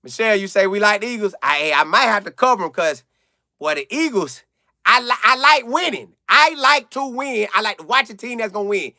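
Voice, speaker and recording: Animated slangy man on a live stream. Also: sits high, fairly quick, creaky, no echo, clean studio sound. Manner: animated, slangy, reads viewer comments aloud. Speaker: live-stream sports commentator reading chat. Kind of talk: casual live-stream chat.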